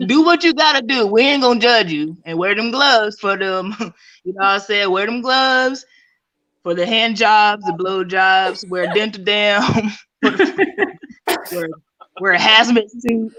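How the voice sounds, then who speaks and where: A woman's voice: mid-range voice, a little slow, fairly bright tone, low-quality recording. A woman stand-up comedian, rambling and giggling through her set. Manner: rambling, giggly, jokes with voices.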